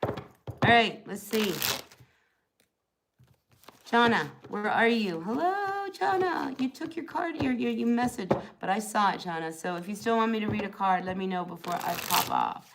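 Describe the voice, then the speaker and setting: A woman's voice: medium pitch, moderate pace, long pauses, noisy background. A middle-aged woman hosting a live tarot stream, chatting casually and reassuringly with plenty of fillers.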